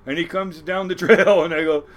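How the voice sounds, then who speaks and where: A man's voice: high-pitched, steady tone, fairly quick. A middle-aged man, a longtime crab fishing captain, telling stories in a rambling, profane way and laughing often. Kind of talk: casual storytelling interview.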